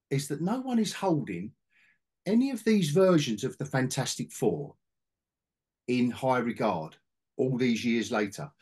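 A man in middle age talks comics in a casual podcast chat, his voice husky with a slightly breathy edge. His pitch moves a lot as he rambles, restarting phrases and tossing in wry asides. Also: a little mellow. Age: middle-aged. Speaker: podcast host, comic collector.

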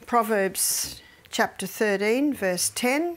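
Animated storytelling woman speaker. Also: medium pitch, measured pace, hardly any pauses. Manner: lively storytelling, laughs often, drops to a soft whisper for emphasis. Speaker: health educator. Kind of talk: seminar talk with Bible teaching.

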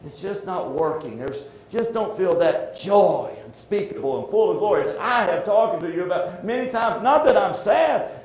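A middle-aged man preaching a sermon as pastor, heartfelt and halting, often restarting his sentences. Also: sits high. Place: church sanctuary. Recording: echoey church room.

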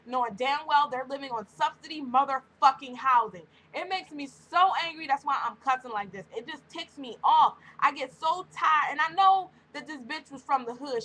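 Woman ranting, high and bright. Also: low-quality recording. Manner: heated, blunt, heavy cursing. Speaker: vlogger. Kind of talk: angry profane rant to camera.

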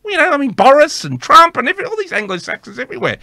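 Bright-voiced man rambling through commentary. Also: high-pitched, huge pitch swings, fast, few pauses, dry recording. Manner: rambling, with many fillers and tongue-in-cheek asides. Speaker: host. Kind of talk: casual political commentary.

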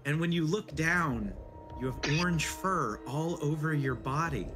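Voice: mid-range voice, measured pace, a bit bright. A game master narrating a tabletop game casually, with filler words. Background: music.

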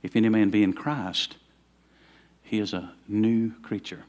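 Pastor preaching with rising fervor. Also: male voice, lowish voice, fairly even intonation, measured pace, darkish tone. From Southern United States. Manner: conversational preaching, rising to fervent emphasis. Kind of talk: sermon.

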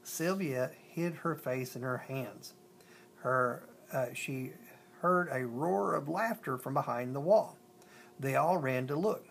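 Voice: medium pitch, gravelly, a little hiss or hum. Storyteller reading a picture book aloud. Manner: stumbles and restarts, slows on lists.

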